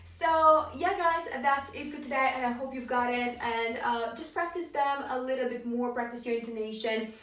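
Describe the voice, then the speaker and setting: A woman teaching a language lesson, explaining patiently and modeling each phrase with clear rising intonation. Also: high-pitched, normal speed, a bit bright. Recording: roomy echo, distant from mic.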